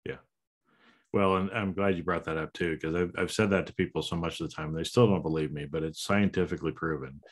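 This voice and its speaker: Low-voiced guy hosting a podcast, chatty and loose, jumps into goofy high voices now and then. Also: a little fast. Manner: animated, breaks into silly high voices. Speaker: podcast host. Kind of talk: casual conversation.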